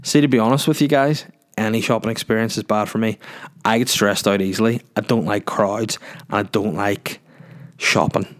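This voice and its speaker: A man's voice: on the low side, fairly even intonation, moderate pace. A man hosting a solo podcast in a rambling, jokey, sweary casual chat. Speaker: podcast host.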